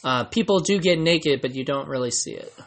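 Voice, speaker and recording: A man's voice: on the high side, brisk, slight background noise. A man co-hosting a podcast, talking loosely about films with lots of fillers. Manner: chatty and loose, with many fillers. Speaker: podcast co-host. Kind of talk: casual chat about films.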